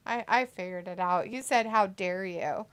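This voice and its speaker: With a medium-pitched, slightly bright and clean voice, this woman co-hosts a casual watch-along livestream. She reads out viewer comments in a playful, giggly way, swearing freely.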